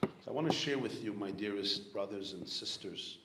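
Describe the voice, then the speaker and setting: A man's voice: lowish voice, moderate pace. A middle-aged man from Brooklyn with a New York accent, a rabbi telling stories at a gathering, weaving in Hebrew and Yiddish terms. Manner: animated storyteller, sprinkles Hebrew and Yiddish terms. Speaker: rabbi giving a farbrengen talk. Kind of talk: storytelling sermon. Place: large room at a gathering. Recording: echoey room, faint background noise.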